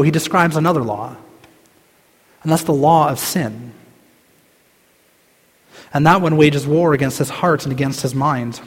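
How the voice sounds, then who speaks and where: A man with a fairly high voice delivers a passionate sermon. He swings between loud, pleading cries and quiet, almost whispered lines. His words hang in the long reverb of a large hall. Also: breathy edge. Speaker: pastor.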